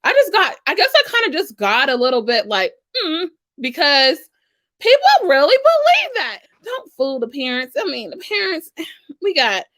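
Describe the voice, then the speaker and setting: A woman from the States, hosting a casual financial advice vlog in a sassy, animated manner. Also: high-pitched, normal speed. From Southern United States. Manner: animated and sassy, with frequent "okay?" check-ins. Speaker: financial coach and channel host.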